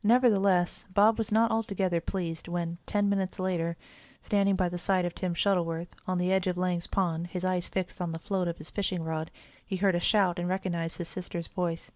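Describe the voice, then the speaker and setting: A woman narrating a children's audiobook in an even, clear storytelling manner, close to the mic. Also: lowish voice, normal speed, no echo.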